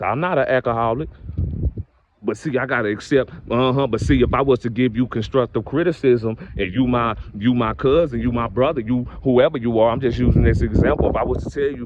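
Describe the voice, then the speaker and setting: Young man, mid-pitched, preaching to camera on a dull, lo-fi recording. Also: slight background noise. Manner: preachy, repetitive catchphrases, rising to high exclamations. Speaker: vlogger. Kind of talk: casual direct-to-camera rant.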